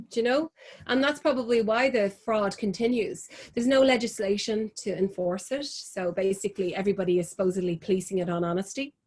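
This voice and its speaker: An Irish woman speaks as a fashion designer being interviewed, her voice sitting at a medium pitch. She talks with passion, laughs easily and often restarts her sentences as she thinks. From Ireland. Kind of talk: interview answers.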